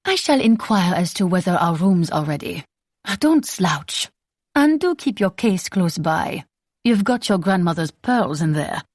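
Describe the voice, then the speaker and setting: A woman's voice: on the low side, animated, a little slow, a little mellow, no room sound, studio quality. A woman voicing a prim, cold middle-aged French mother who talks in clipped orders. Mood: haughty. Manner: clipped and commanding.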